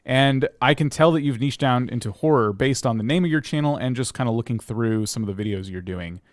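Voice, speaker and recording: A man's voice: mid-range voice, brisk, no room sound, studio quality. A man co-hosting a livestream, reviewing channels in an easygoing, advisory way. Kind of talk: livestream casual chat.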